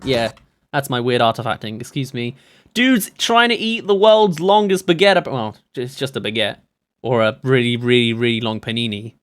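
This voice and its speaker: A streamer, rambling and chatty while reacting to movie trailers live, reading chat aloud and laughing often. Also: mid-range voice.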